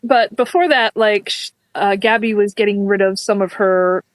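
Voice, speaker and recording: A woman co-hosting a casual live review show, chatty and quick to laugh, often catching and correcting herself. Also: mid-range voice, no room sound, low-quality recording. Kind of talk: casual live-stream chat.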